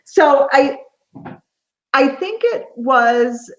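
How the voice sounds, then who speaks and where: A woman's voice: high-pitched, expressive, extremely slow. Woman guest coach, earnest and melodic, repeats phrases to stress them; slightly dull audio. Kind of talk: interview answers.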